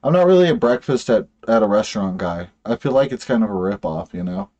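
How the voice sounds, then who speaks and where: A man's voice: fairly low pitch, sing-song, fast talker, mellow, highs cut off. A man co-hosting a podcast over a video call, talking in a rambling, joking and profane way. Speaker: podcast co-host.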